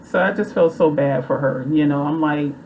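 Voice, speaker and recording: A woman with a low voice recaps a movie plot in a rambling, chatty way, loose and full of fillers. A faint hiss of noise sits under her voice. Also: normal speed, darkish tone, rough recording. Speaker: movie reviewer.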